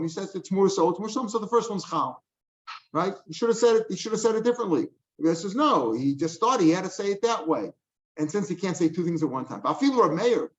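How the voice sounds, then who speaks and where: Older man teaching Talmud, lo-fi. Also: on the high side. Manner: conversational teaching, frequent "right?" checks. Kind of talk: explaining a Talmud page line by line. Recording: dull lo-fi recording.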